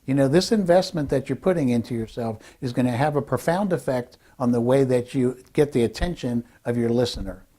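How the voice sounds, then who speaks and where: A man coaches viewers on speaking with impact, talking straight to the camera. His voice is mellow and dark-toned, sitting in a middle pitch. He is emphatic and deliberate, slowing down to lean on each key phrase. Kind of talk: direct-to-camera instructional talk.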